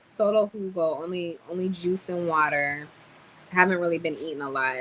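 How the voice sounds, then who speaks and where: A woman's voice: fairly low pitch, normal speed, rough recording. Tired, chatty young woman on a livestream. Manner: chatty, animated storytelling with sudden loud exclamations. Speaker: livestream vlogger. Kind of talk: casual livestream chat.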